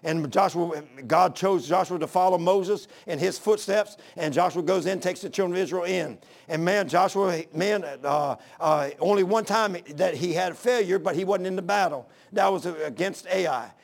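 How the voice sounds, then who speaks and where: A man preaches with folksy fervor, his voice pitched high for a man. A gravelly rasp runs through his delivery as he moves between plain talk and scripture. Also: moderate pace, few pauses. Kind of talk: sermon.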